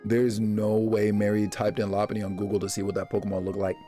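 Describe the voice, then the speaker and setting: A man streaming live, chatting casually with his viewers and reacting to them in a jokey, animated way. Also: racing, faint music behind. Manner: animated, jokey, reacting to chat with big pitch jumps and laughs.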